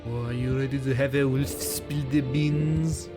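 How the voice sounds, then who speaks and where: A man's voice: mid-range voice, steady tone, a little slow, over music. A young man joking and sarcastic as he streams a video game casually. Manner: joking, sarcastic, breaks into silly voices. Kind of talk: casual live-stream commentary.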